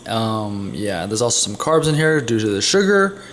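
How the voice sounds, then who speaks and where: A man's voice: on the low side, big pitch swings, normal speed, fairly bright tone, a little hiss or hum. A young man casually narrating his day's food while making coffee at home, chatty and rambling, often correcting himself. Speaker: vlogger. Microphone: camera mic.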